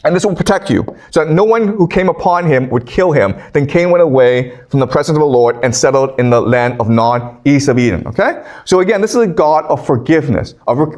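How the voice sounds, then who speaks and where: Animated man lecturing, constant "okay?". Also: a little high. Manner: reads scripture aloud then paraphrases casually. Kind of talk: university lecture.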